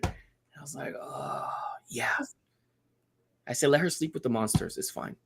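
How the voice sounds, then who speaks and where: A man's voice: fairly high pitch, moderate pace, creaky, long pauses, breathy edge. A man telling a family story in casual podcast chat, acting out the quotes. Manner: animated storyteller, acts out quotes. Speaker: guest.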